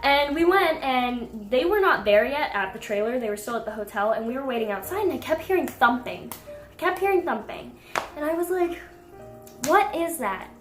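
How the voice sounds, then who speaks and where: A young woman telling a pet rescue story to camera in a casual, animated way, breaking into indignant outbursts. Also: sits high, a little fast, hardly any pauses. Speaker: pet vlogger. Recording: echoey room with faint music.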